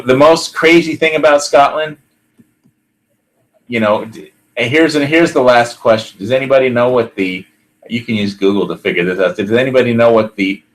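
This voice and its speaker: A man's voice: medium pitch, low-quality recording. A man hosting a podcast in casual chat, rambling with many fillers and restarts and laughing often. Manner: laughs often while talking. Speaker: podcast host.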